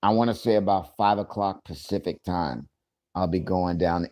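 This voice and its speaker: A man's voice: low-pitched, moderate pace, dark tone. A man hosting a casual livestream, talking loosely and profanely, joking, and greeting viewers by name. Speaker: livestream host.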